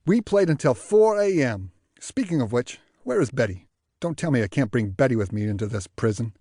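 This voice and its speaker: A man's voice: mid-range voice, expressive, no room sound, studio quality. Man doing a grumpy old New York jazzman. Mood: grumbling. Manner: loud, grumbling, quick retorts.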